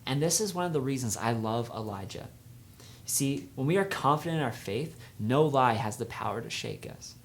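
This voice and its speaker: A man's voice: medium pitch, normal speed, gravelly, a little hiss or hum. Young male youth speaker, casual storytelling sermon, energy rising and dropping. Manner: conversational storytelling, swings from energetic to hushed.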